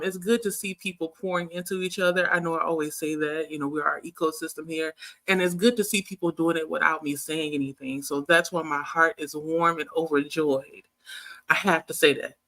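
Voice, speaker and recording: A woman's voice: low voice, a bit bright. A woman hosting a casual livestream, chatting to viewers and reading their comments aloud, laughing often as she talks. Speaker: livestream host.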